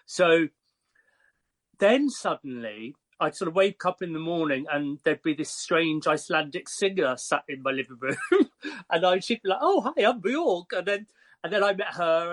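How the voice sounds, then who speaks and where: An English man in his fifties, a hairstylist guest telling lively, chatty stories with frequent fillers. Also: a little high, normal speed. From Croydon, England. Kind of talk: casual storytelling.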